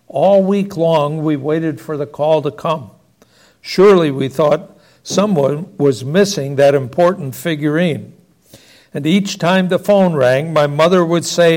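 High-voiced man reading a story. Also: unhurried, darkish tone.

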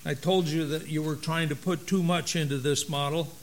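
Guy doing doubting lady angel, a bit high, slow, faint hum behind. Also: fairly even intonation, lightly acted. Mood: questioning. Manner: questioning, sighing. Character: skeptical female angel, doubting and blunt.

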